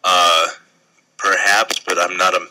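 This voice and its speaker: A man's voice: low-pitched, level tone, takes it slowly, bright, forceful tone, low-quality recording. A young man co-hosting a casual radio show, throwing in sarcastic quips.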